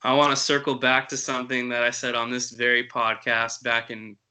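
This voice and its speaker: Brief: male sports podcast host, even and level, crisp bright tone. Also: mid-range voice, normal speed, rough recording. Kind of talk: casual sports chat.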